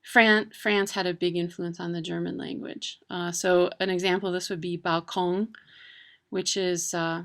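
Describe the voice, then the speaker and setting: A woman from talks through words in a relaxed, chatty way, dotting her sentences with ums and uhs. Her voice sits on the low side and has a gravelly fry running through it. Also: normal speed. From Wisconsin, USA. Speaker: presenter of a language video. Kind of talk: casual informative talk.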